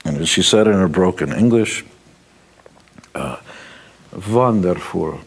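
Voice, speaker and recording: A man's voice: deep voice, lively intonation, a little slow, husky. A man, a rock musician and entrepreneur, giving blunt, brash, joking advice in a motivational interview.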